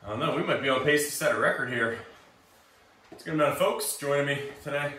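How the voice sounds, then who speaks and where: A man's voice: a little high, fast talker, pushed and bright. A man coaching a live workout class, upbeat and encouraging, calling out to participants by name. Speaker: fitness instructor. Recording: very echoey room, distant mic, faint hiss.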